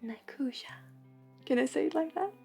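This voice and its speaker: A woman hosting a livestream of intuitive readings and healing, speaking softly and gently, often half in a whisper. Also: sits high, expressive, normal speed, gravelly, faint music behind. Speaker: intuitive reader and healer.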